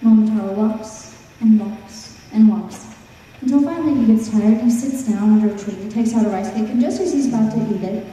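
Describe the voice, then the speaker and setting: A woman's voice: on the high side, fast, few pauses, mellow. A woman telling a folk tale to a live audience, with playful, teasing asides to the listeners. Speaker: storyteller. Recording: echoey hall from far off.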